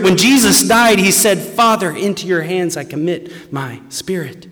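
A man delivers a sermon at an unhurried, deliberate pace, his fairly high voice ringing out in a long-echoing church hall. He is earnest throughout, sinking to near-hushed lows and then rising into emphatic, raised stretches. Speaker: preacher. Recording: long reverb from a large hall.

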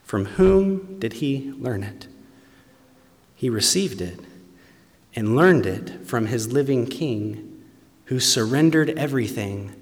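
A man delivers a sermon at an unhurried, deliberate pace, his fairly high voice ringing out in a long-echoing church hall. He is earnest throughout, sinking to near-hushed lows and then rising into emphatic, raised stretches. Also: lively intonation. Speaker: preacher. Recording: long reverb from a large hall.

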